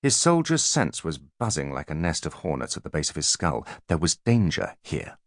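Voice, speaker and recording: Male audiobook reader, low voice, animated storytelling, dry booth. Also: normal speed, no echo. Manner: expressive storytelling. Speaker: audiobook narrator. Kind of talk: scripted narration.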